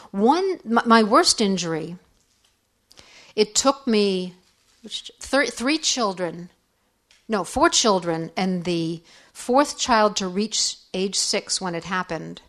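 A middle-aged woman speaks candidly and conversationally, sharing personal stories in a reflective talk for women. Her pitch sits in an ordinary middle range. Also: fairly bright tone. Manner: candid, conversational, acts out quoted voices. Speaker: speaker on faith and forgiveness.

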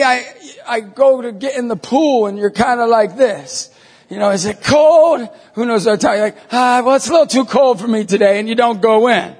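A middle-aged man from New York State gives a jokey, animated talk to a live audience, slipping into little acted-out voices. His voice sits very high and has a husky, gravelly edge. The sound carries a long reverb from a large hall. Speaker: Catholic lay minister.

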